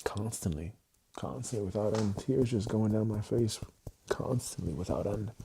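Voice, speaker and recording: A man talking unscripted on a livestream, raw and emotional, halting and repeating his phrases as he restarts them. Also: fairly low pitch, vocal fry, noisy background.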